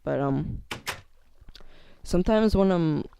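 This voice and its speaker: A man's voice: sits high, takes it slowly, creaky, warm tone, a little hiss or hum. A teenage boy talking hesitantly in a casual vlog, full of fillers and restarts, his voice cracking now and then. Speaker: YouTuber.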